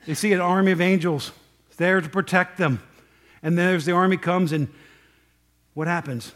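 A man with a high voice teaching from the Bible in an easygoing way. He keeps stopping to ask his listeners questions. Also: steady tone, moderate pace, a bit bright. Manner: conversational, asks the listeners questions.

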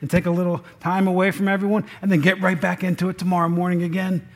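A man's voice: sits high, level tone, fast. A man, preaching a folksy sermon and asking the congregation questions. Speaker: pastor.

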